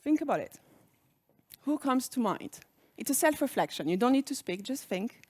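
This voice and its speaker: A woman with a French accent gives a conference keynote on leadership. Her fairly high voice rises and falls in a very animated way as she puts reflective questions to the audience. The sound is dry, with no room echo. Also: moderate pace, breathy edge. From France. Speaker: speaker on leadership.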